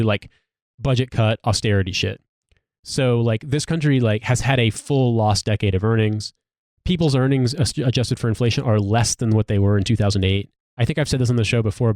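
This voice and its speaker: A man's voice: lowish voice, darkish tone, dry recording, studio quality. An American man hosting a podcast, talking in casual, profane, ranting commentary. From United States. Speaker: podcast host.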